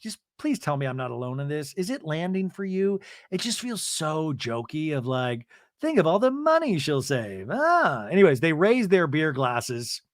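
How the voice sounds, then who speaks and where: A man's voice: on the high side, normal speed, hardly any pauses, no echo, clean studio sound. A man hosting a podcast, recapping a reality show in a casual, rambling, laughing comedic style. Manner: animated, rambling, laughs often. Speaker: podcast host.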